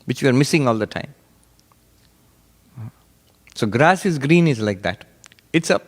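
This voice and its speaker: A man, a monk, giving a sermon on Vedanta with animated storytelling and frequent laughter. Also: a little high, big-room sound.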